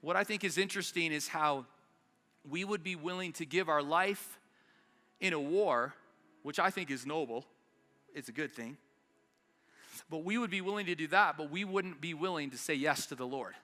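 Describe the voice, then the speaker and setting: A man's voice: on the high side, moderate pace, bright, forceful tone, in a large hall, faint music behind. A man preaching an impassioned sermon as pastor at a church service, urging his congregation forward. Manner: impassioned preaching, urgent rallying calls. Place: church service in South Denver.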